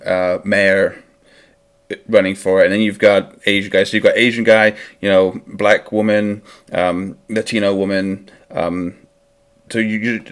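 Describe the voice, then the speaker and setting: Guy with a really low voice rambling on a watchalong stream, opinionated, keeps restarting. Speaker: host of a football watchalong stream. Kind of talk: casual live-stream chat.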